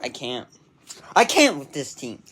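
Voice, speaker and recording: A woman's voice: extremely low pitch, big pitch swings, unhurried, fairly bright tone, slightly rough. A young woman managing a fantasy league team, talking casually in an exasperated, self-critical, slangy way. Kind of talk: casual recap monologue.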